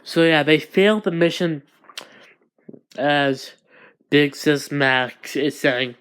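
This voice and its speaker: Male fan-story narrator, slow, hesitant, improvised. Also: fairly high pitch, a bit bright, clean tone. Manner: hesitant, restarts often.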